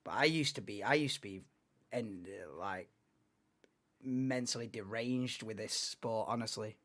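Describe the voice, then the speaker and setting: A man in his late twenties, hosting a live race watchalong in an excitable, rambling, chatty way. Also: lowish voice, unhurried. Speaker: livestream host.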